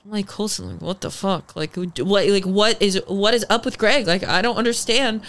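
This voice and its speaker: A young adult woman as a podcast guest, telling stories in casual chat, animated, full of "like" and swearing. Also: medium pitch, a little fast. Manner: animated storytelling with lots of "like" and swearing.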